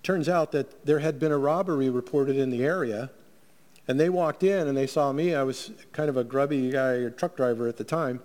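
A man's voice: medium pitch, normal speed, darkish tone. A middle-aged male pastor giving a weekly sermon in a conversational way, with fillers and restarts. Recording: long hall reverb.

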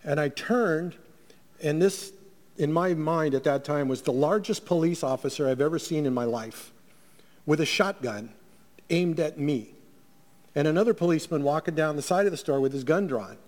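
A man's voice: a little high, normal speed, a little mellow. A middle-aged male pastor giving a weekly sermon in a conversational way, with fillers and restarts. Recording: long hall reverb.

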